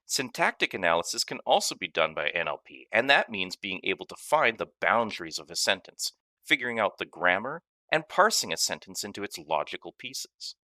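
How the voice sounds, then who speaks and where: Bright, lively male tech instructor. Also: deep voice, a little fast, dry recording, clean studio sound. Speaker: course instructor. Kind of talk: scripted tech lesson narration.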